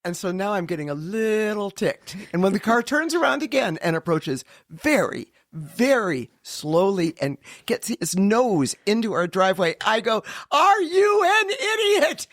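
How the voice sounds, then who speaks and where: An older woman co-hosting a podcast, telling a story in a theatrical, animated way and laughing often. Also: medium pitch, normal speed, few pauses, no room sound, studio quality. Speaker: podcast co-host. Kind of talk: casual storytelling chat.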